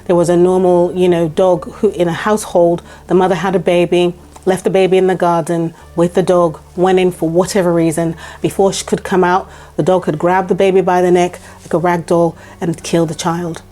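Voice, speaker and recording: Mellow-voiced woman telling her story. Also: fairly low pitch, flat delivery, brisk, hardly any pauses. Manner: emphatic, repeats points for stress. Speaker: vlogger. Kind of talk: personal storytelling to camera.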